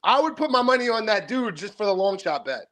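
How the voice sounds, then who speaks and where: A man calling in to a boxing stream, breaking down fighters in relaxed slang. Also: sits high, brisk, a loud crowd. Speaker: caller. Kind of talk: casual call-in chat.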